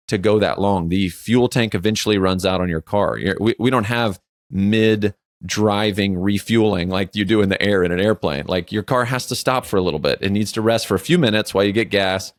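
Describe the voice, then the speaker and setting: Animated storyteller man with low voice. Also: dry recording, studio quality. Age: 40s. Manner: animated storyteller who acts out quotes; frequent filler "like". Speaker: podcast co-host. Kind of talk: casual chat.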